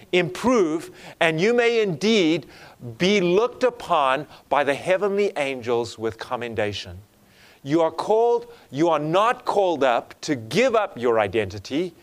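An earnest man delivers a sermon in a slightly high voice. He keeps drawing the congregation in, asking them for an amen. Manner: earnest, asks the congregation for amens. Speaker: preacher.

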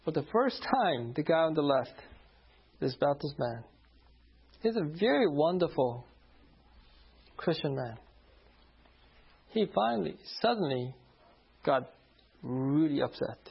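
Gravelly pastor telling a church story. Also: male voice, fairly high pitch, slow, long pauses. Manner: animated storyteller, laughs often, acts out quoted voices. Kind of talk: sermon storytelling. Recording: dull lo-fi sound.

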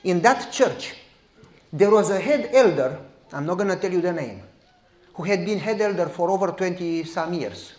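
A man, preaching as a pastor and telling a story in a lively, direct way. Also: sits high, moderate pace, reverberant. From Romania. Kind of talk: sermon storytelling.

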